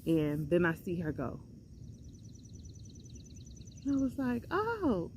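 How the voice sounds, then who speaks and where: A young adult woman telling a personal story in a chatty, animated way, slipping into other voices when she quotes people. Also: low voice, slow, a little hiss or hum. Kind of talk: casual storytime monologue.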